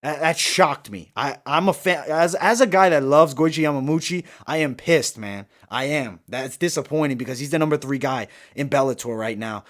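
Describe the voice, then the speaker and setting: This man's voice is a little high, at normal speed with hardly any pauses, as he hosts a live fight-night stream. Between reading and answering viewer comments, he rants angrily and profanely about the judging.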